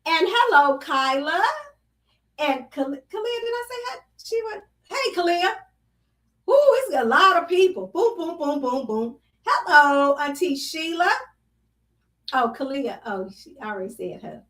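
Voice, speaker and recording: A woman's voice: high-pitched, sing-song, measured pace, fairly bright tone, far from the mic. A woman hosting a live show, chatting casually and exuberantly greeting viewers by name, now and then breaking into song. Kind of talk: casual live-stream chat. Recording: roomy echo, voice somewhat off-mic.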